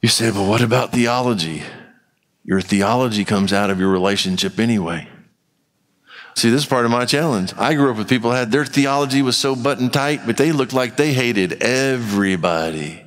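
A man preaches to a church congregation in an easygoing, conversational way. He slips into quoted voices and mini-scenes to make his point. His voice sits at an ordinary male pitch and carries a long reverb tail from the hall. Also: moderate pace. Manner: conversational preaching with acted-out quotes and rising intensity. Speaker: pastor. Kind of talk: sermon.

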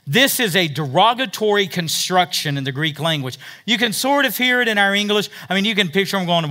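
Bright-voiced man preaching a sermon. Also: high voice, lively intonation, fairly quick, hardly any pauses. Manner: preaching with swings from loud emphasis to hushed asides. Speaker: pastor.

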